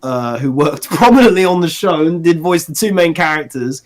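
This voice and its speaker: A man's voice: on the high side, expressive, moderate pace. A man co-hosting a casual podcast chat, ranting sarcastically with restarts and laughs. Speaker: podcast co-host.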